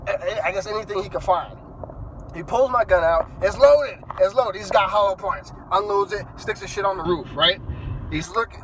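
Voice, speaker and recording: A man's voice: high-pitched, a bit bright, a little hiss or hum, poor audio. A man telling an angry story to his phone camera from inside his car while driving, profane and stammering through restarts. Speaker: vlogger.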